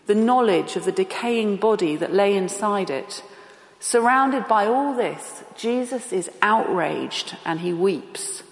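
A woman preaching a sermon, deliberate and emphatic, asking rhetorical questions. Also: medium pitch. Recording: echoey hall with long reverb.

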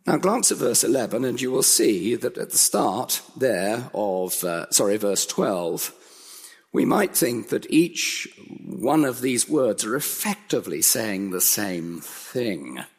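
A man preaches an earnest sermon with a gravelly, slightly husky voice that swings widely in pitch. He presses his points by repeating them. A long hall reverb trails his words. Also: sing-song, slow pace. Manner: earnest, emphatic, building repetition.

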